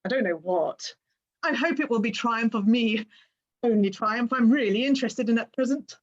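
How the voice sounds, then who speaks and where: A woman's voice: fairly high pitch, moderate pace, dull audio, lightly acted. An actress playing a vain, witty young society woman, delivering her lines with arch, playful comic timing. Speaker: amateur stage actress. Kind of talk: stage play performance.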